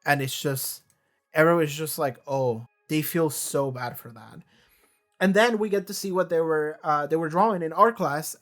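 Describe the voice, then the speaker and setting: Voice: mid-range voice, a bit bright. A video reviewer in a casual monologue, talking with emotional enthusiasm, swearing and often restarting sentences. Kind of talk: casual monologue about a TV show.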